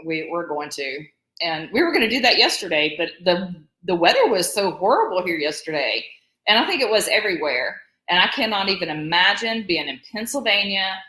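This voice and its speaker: A woman's voice: fairly low pitch, big pitch swings, fairly quick, bright, forceful tone. A woman in her forties with a Southern US accent, co-hosting a live stream in a rambling, chatty way and laughing often. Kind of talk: casual live-stream chat. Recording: echoey room.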